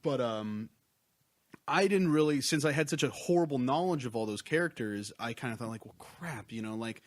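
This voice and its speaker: A man's voice: medium pitch, animated, normal speed, dry recording. A young man chatting as a podcast guest, rambling with many fillers and restarts. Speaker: podcast guest, comics creator. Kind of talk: casual podcast chat.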